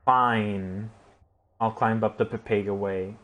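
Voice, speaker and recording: A man streaming a game live, chatting to his viewers, reacting loudly and swearing as he plays. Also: fairly low pitch, takes it slowly, narrow, tinny audio. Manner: excitable, swears, talks to chat. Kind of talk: live gameplay commentary.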